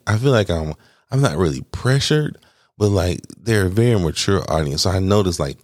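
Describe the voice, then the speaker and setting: This is a man with an extremely deep voice, the kind people tell him belongs on the radio. He hosts his own podcast and chats in a loose, rambling way, poking fun at himself, laughing between phrases and swearing freely. The sound is dry and close, with no room around it. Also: no echo. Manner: candid, rambling, self-deprecating. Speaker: podcast host. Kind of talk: casual solo podcast chat.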